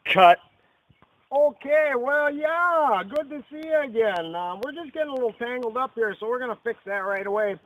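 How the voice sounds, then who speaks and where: A man hosting an ad-libbed mock fishing show outdoors by a river, rambling in a deadpan way with lots of fillers. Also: extremely high pitch, moderate pace. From Texas. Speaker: comedy fishing show host. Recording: lo-fi camcorder audio outdoors.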